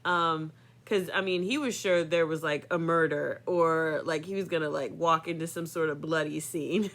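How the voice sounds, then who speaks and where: A woman's voice: low-pitched, steady tone, moderate pace, a bit bright. Chatty woman in her thirties telling a story. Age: 30s. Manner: chatty, filler-heavy, laughing often. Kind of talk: personal storytelling.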